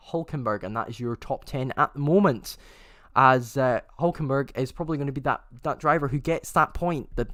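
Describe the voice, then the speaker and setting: A man's voice: mid-range voice, dry recording, clean studio sound. A man hosting a race watchalong, giving live chatty commentary and often correcting himself mid-sentence.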